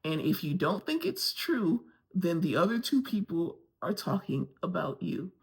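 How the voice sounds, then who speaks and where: Woman from Florida, gravelly fry, casual TV recap, candid and gossipy. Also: lowish voice, big pitch swings, measured pace. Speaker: TV review vlogger.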